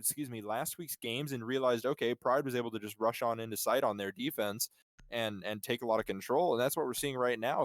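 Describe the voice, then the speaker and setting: A man giving analytical color commentary on a live esports match, breaking down strategy with enthusiasm. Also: medium pitch.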